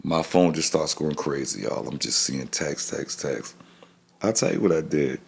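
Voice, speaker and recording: A middle-aged man telling a personal story as a podcast guest, halting and restarting his phrases and acting out what people said. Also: very deep voice, creaky, breathy edge.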